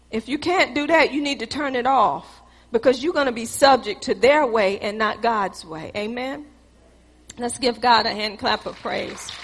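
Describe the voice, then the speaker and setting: Fervent high-voiced woman preacher. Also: slightly rough. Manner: fervent, exhorting preaching that rises to shouts. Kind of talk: sermon.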